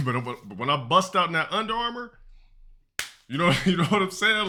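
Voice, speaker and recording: Lively, bright-voiced man streaming. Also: on the high side, normal speed. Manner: profane, boastful, laughs between remarks. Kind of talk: casual live-stream chat.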